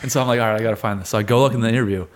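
A man's voice: on the low side, fairly even intonation, rapid-fire. Young guy telling a hype story, acts out the quotes, laughs a lot. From United States. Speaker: guest, wrestler and fighter. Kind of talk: casual storytelling interview.

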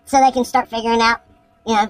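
Podcast host, woman, high pitch, profane and excitable storyteller. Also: fast talker, clean tone, dry recording, rough recording. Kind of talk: casual podcast chat.

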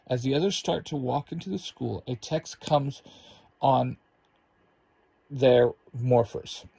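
A man narrating an adventure story in an expressive, unhurried way. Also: mid-range voice, vocal fry, husky, no echo.

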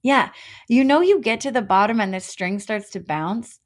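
Energetic woman podcast host, storytelling, says like a lot, 30s. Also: fairly high pitch, normal speed. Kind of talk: casual podcast chat.

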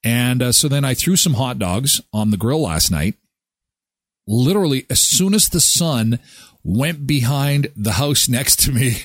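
Guy hosting a morning show, jokey and all over the place pitch-wise, dry close sound. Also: a little slow, dry recording. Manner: animated, jokey, acts out voices in his stories. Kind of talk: casual chat.

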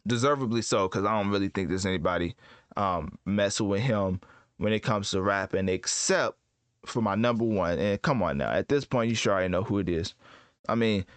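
A man's voice: fairly low pitch, brisk, no room sound. Guy rambling about rap picks, casual slang, keeps correcting himself, dry sound. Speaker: host ranking rappers. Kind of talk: casual commentary.

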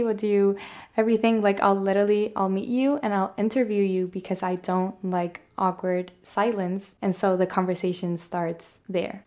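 A woman's voice: mid-range voice, darkish tone. A young woman hosting her own podcast, telling a personal story in a chatty, confessional way, with many "like"s and "literally"s. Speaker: podcast host. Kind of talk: casual solo podcast storytelling.

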